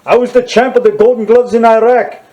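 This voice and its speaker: A man's voice: very high voice, steady tone, muffled recording, pitched above the performer's own voice. A man doing a blustering, boastful dictator. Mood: boastful, threatening. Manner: slow, loud, pompous declaiming. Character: boastful male dictator and ex-boxer, blustering and threatening.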